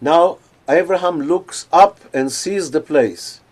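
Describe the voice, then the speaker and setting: A man giving a conference lecture on cantillation. He explains in plain speech and then chants scripture verses slowly, with drawn-out phrasing. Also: on the high side, darkish tone.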